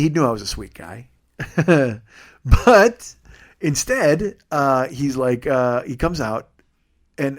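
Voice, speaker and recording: A man in his forties, a comedian and podcast host, telling a story in an animated, profane, sarcastic way. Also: medium pitch. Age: 40s.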